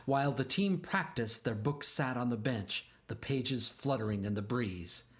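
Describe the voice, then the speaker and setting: A man reads a children's storybook aloud at a middling pitch. He is expressive and drags out key phrases for emphasis. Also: measured pace. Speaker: narrator.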